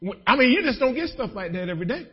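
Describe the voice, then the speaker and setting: A man preaching a sermon as pastor, animated, breaking into shouts of joy. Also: extremely high pitch, very fast, muffled recording.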